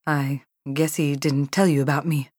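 A woman narrator voicing a soft-spoken Brazilian cowboy man who speaks in a hesitant, warm way. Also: low voice, steady tone, moderate pace, dry recording, studio quality.

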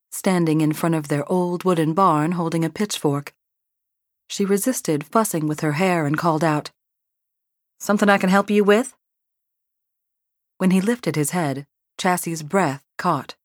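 A woman narrating a story in an even storytelling voice, with light voicing for the characters. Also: deep voice, no echo, clean studio sound. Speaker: audiobook narrator. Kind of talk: scripted narration.

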